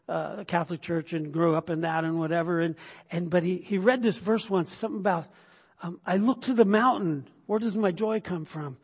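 A middle-aged male pastor preaching a conversational sermon, full of restarts and sudden bursts of emphasis. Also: sits high. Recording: long hall reverb.

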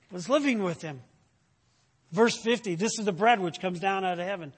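A man delivers a teaching sermon in a high, husky voice. He quizzes his listeners with "right?" and "what?", and climbs in pitch as he drives a point home. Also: normal speed. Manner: teaching with frequent "right?" check-ins and rhetorical questions; animated, rising in pitch when making a point. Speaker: preacher.

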